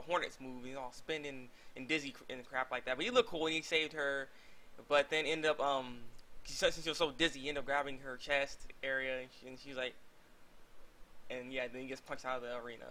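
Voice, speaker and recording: A young man rambles through a cartoon episode recap at high speed, stumbling over restarts and fillers. His voice is bright and forceful and sits a little high. He sounds like a casual video reviewer chatting to his viewers. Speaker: anime reviewer.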